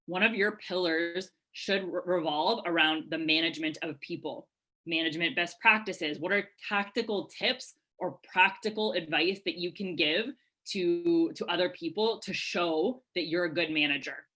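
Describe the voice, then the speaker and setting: A woman coaching attendees on a live video-call webinar, her voice bright and a touch low. She talks in an energetic, chatty way, full of fillers and quick asides. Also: rough recording. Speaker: webinar presenter answering questions. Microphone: webcam video call.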